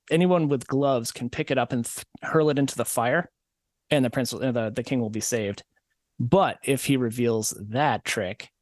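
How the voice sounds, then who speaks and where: A man's voice: mid-range voice, dry recording, studio quality. A man hosting a podcast, retelling a fairy tale as comedy in a wry, rambling manner. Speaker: podcast host.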